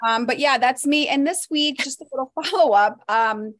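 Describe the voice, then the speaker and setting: A woman's voice: sits high, normal speed, a bit bright. Blunt upbeat woman co-host. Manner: blunt, swears casually, upbeat. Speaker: podcast co-host. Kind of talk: casual chat.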